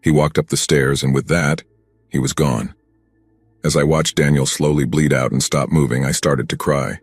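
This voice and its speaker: A man narrating a first-person horror story in a steady, grim, scripted telling. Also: extremely low pitch, normal speed, slightly rough, no room sound.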